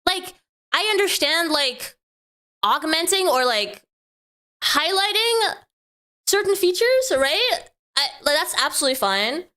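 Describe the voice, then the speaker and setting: Woman host, bright and sharp tone, teasing sarcastic reaction chatter. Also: very high voice, sing-song, measured pace, pauses often. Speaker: streamer host. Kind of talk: reaction commentary.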